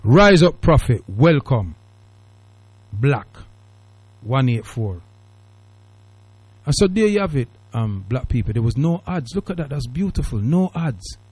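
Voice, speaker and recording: A man's voice: mid-range voice, sing-song, unhurried, pauses often, darkish tone, no echo. A man with a British accent strongly tinged with Jamaican Patois, hosting a call-in radio talk show in an emphatic, preachy manner. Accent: Jamaican Patois-tinged British English. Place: radio studio.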